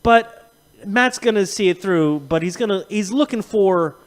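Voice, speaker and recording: A man's voice: high voice, a little slow. A man co-hosting a podcast, telling rambling, profane stories in casual chat. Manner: profane, rambling, animated storytelling with laughs. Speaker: podcast co-host.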